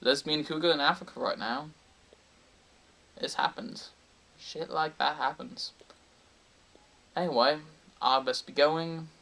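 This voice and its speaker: A man spins a rambling, absurd comic tale in a deadpan delivery. His voice sits a little high and has a bright, forceful edge. He sounds set back from the microphone. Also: a little slow, long pauses, recorded from a distance. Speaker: comedic storyteller. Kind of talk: absurd rambling comedy monologue.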